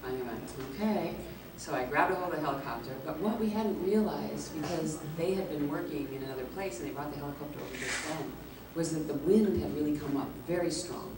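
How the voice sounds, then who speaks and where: A woman guest at a convention Q&A, telling a lively anecdote, acting out the quotes and laughing often. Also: sits low, fast, hardly any pauses, crowd noise. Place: large echoey convention hall. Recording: echoey hall, distant mic, background noise.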